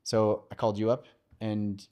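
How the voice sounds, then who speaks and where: Male podcast guest, low register, smooth resonant tone, candid storyteller who pauses with fillers. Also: level tone, warm tone, lo-fi sound. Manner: open and conversational, with filler pauses. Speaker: podcast guest, mortgage lender.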